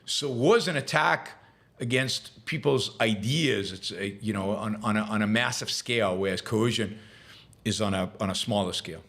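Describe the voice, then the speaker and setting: A man's voice: on the low side, moderate pace, fairly bright tone. A man hosting a live show, answering viewer questions with opinionated commentary, full of fillers and repeated words. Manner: emphatic, rising into heated ranting; hesitant fillers and repeated words when reflecting.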